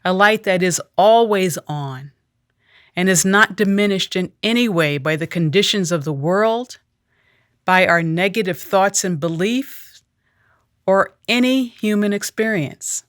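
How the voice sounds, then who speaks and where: Calm woman leading a meditation, dry sound. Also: medium pitch, unhurried, no room sound. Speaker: meditation leader. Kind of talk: guided meditation talk.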